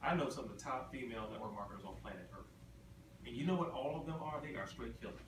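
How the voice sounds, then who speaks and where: In a large convention hall, a motivational speaker with a mid-range, expressive voice talks fast, emphatic and repetitive, firing questions at the crowd. The recording is echoey and distant, with ambient noise.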